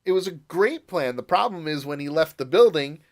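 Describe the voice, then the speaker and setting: Animated higher-voiced man recapping a show. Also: moderate pace. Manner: animated, laughing, puts on voices when quoting. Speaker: podcast co-host. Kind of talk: casual recap chat.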